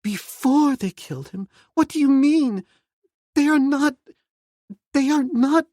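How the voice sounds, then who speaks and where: A man voicing a proud young woman who is hurt and turns icy, speaking in a high, strained voice. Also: fairly even intonation, normal speed, a little mellow, no echo, studio quality. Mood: alarmed.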